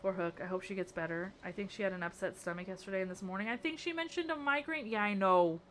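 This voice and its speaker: A woman's voice: mid-range voice, fast talker, fairly bright tone, a little hiss or hum. A woman streamer chatting casually with her viewers and talking to herself as she builds in a game, playful and rambling. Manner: chatty, talks to herself and chat, playful muttering.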